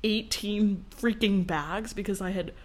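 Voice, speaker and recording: A woman in her twenties, a podcast co-host, telling a story in casual chat. She is animated, laughs often and acts out the people she quotes. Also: mid-range voice, measured pace.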